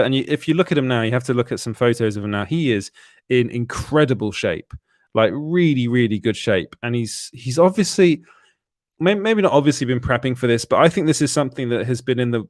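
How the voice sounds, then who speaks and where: A man's voice: mid-range voice, no room sound, clean studio sound. A man co-hosting a film podcast, talking with enthusiasm and frequent restarts. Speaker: podcast co-host. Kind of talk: casual chat about films.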